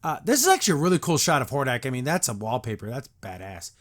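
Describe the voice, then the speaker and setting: A man's voice: medium pitch, big pitch swings, quick pace, fairly bright tone. A man hosting a podcast, recapping and reacting to a cartoon episode in a sarcastic, exasperated rant.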